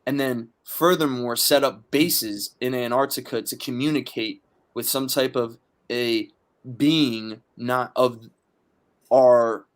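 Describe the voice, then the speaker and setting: A man from Philadelphia, appearing as a podcast guest, tells a story in casual chat, animated and swearing often as he acts out his friends' lines. His mid-range voice moves at a slow pace.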